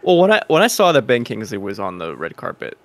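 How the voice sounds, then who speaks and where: Male podcast co-host, quick and laid-back, teasing banter. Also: mid-range voice, huge pitch swings. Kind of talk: casual chat.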